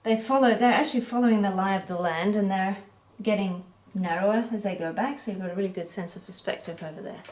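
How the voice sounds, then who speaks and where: A woman giving a relaxed, chatty painting critique as an art teacher, correcting herself as she goes. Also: mid-range voice, fast talker, hardly any pauses. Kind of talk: painting critique, talking while pointing. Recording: echoey room.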